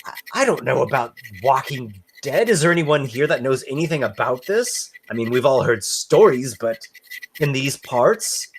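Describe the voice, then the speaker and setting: A man voicing Hannah, a practical innkeeper's wife who talks fast and reasons aloud in a tabletop game. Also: medium pitch, very animated, pitched above the performer's own voice, rough recording. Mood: brisk, worried.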